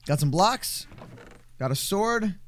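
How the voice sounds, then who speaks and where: A man's voice: high-pitched, lively intonation, takes it slowly, a bit bright. A man joking around during casual gameplay commentary with a friend, tossing out playful mock trash talk. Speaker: gaming YouTuber.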